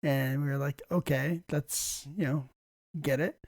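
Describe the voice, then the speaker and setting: A man hosting a casual podcast conversation, telling relaxed work stories and often clearing his throat. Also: mid-range voice, measured pace, no room sound, studio quality. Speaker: podcast host, ER nurse.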